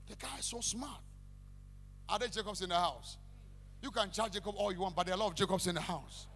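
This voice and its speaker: A man preaching a sermon, animated, breaking into shouted sing-song calls to the congregation. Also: sits high, fast talker, long pauses. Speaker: pastor. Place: church hall. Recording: echoey church hall with faint hum.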